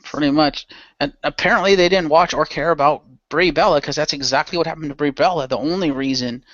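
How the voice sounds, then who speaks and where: A man's voice: fairly high pitch, a little fast, fairly bright tone, dry recording. A man chatting on a podcast panel, giving opinionated rants and swearing freely. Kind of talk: casual podcast chat. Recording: dull lo-fi dry sound.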